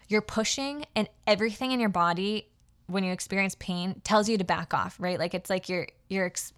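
A woman's voice: on the low side, a bit bright. Heartfelt woman telling a personal story. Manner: casual, heartfelt, many fillers and restarts. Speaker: podcast host.

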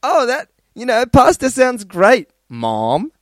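A man voicing a shrill, cheeky young lover who sarcastically brushes off a mom in a high squealing falsetto. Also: wildly swooping pitch, slow, dry recording, studio quality, exaggerated voice. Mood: sarcastic. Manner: crude, sarcastic.

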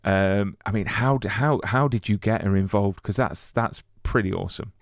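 A man's voice: fairly low pitch, moderate pace, no room sound, studio quality. A man interviewing a filmmaker, asking rambling, enthusiastic questions with frequent restarts. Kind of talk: casual interview conversation.

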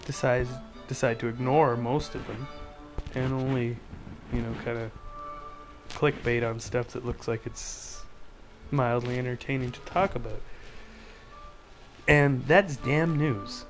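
A man's voice: medium pitch, fairly even intonation, unhurried, pauses often, over music, rough recording. Rambling sarcastic male podcast host. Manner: rambling, sarcastic, full of fillers and restarts. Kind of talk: casual rant about news.

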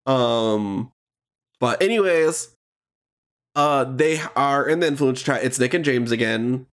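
A man's voice: mid-range voice, slow pace. A man co-hosting a podcast, chatting casually about a reality show with a lot of "um" and "like" and frequent laughs. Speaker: podcast co-host.

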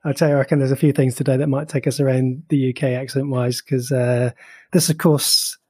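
A chatty, playful man with a Bristol accent, co-hosting a podcast. His voice has a slightly husky grain, and it sits dry and close with no room around it. He sounds relaxed and jokey. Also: mid-range voice, brisk, dry recording. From Bristol, Somerset, England. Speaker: podcast co-host. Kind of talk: casual chat.

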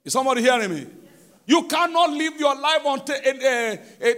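A man with a Nigerian accent preaching a sermon in a church service. He preaches emphatically, asks the congregation questions, and swings between shouts and quiet passages. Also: very high-pitched, animated, brisk. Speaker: pastor.

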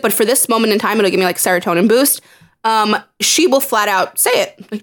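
A woman's voice: mid-range voice, normal speed, a bit bright. Eager woman analyzing characters. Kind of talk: casual chat.

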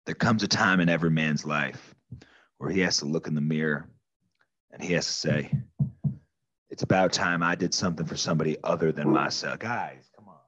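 A man's voice: a bass voice, fairly quick, long pauses, a bit bright, no echo. A man playing a pushy, bombastic male army recruiter who speechifies and then turns threatening. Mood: pompous. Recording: dull lo-fi audio.

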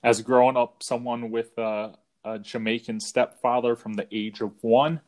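A man from the US Northeast hosting a podcast, talking in a relaxed, rambling way with many fillers. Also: medium pitch, normal speed. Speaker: podcast host. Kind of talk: casual interview chat.

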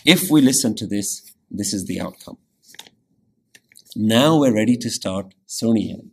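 A man teaching a Sikh scripture lesson, explaining meanings and pronunciation with careful, deliberate explanation and frequent "yeah?" check-ins. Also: fairly low pitch, animated, darkish tone, breathy edge. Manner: pronounces Punjabi scripture carefully.

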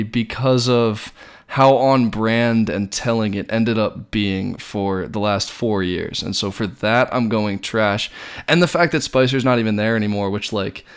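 A man's voice: medium pitch, smooth. A man co-hosting a podcast, chatting casually in a rambling, hesitant, wry way. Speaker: podcast co-host.

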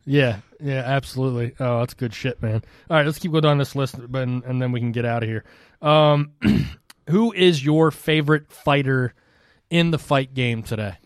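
A man co-hosting a boxing podcast, recounting fights in casual, excitable talk with some swearing. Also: medium pitch, normal speed, clear, resonant tone, no echo, clean studio sound. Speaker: podcast co-host. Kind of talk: casual chat.

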